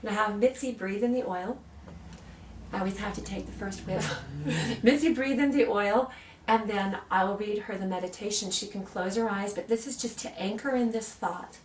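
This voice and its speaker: A woman in her sixties, an aromatherapy practitioner, who gently demonstrates oils and tells personal stories in a soft, earnest way. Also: mid-range voice, a little hiss or hum. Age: 60s. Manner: soft, earnest, reads blessings slowly. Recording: roomy sound from a distant mic, faint ambience.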